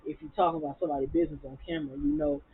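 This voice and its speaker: A woman recapping a reality TV episode in a casual, animated and profane way, getting heated as she talks. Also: low voice, rapid-fire, slightly rough. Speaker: TV recap vlogger. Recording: phone-like lo-fi audio.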